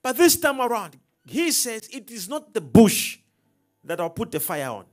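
A man preaching a sermon in an emphatic, preacherly style, calling out questions to the congregation and swinging between loud and soft. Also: sits high, big pitch swings, normal speed, soft background music. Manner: emphatic, preacherly call-and-response, dramatic swings in loudness.

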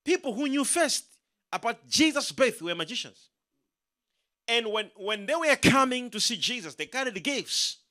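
A man preaching a sermon, emphatic and animated, leading the congregation in call-and-response. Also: extremely high pitch, moderate pace. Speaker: pastor.

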